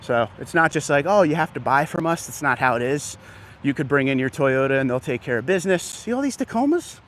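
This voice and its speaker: Walking an outdoor dealership lot on a casual live stream, this man greets his viewers by name, slightly winded. His mid-range voice moves a little fast with a fairly bright tone, and faint outdoor sounds come through.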